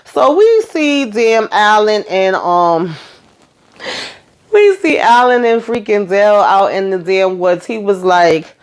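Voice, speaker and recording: Casting note: woman, mid-pitched voice, chatty TV recap host, lively storyteller with casual cursing. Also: slow, clean tone. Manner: chatty, animated retelling with frequent mild swearing.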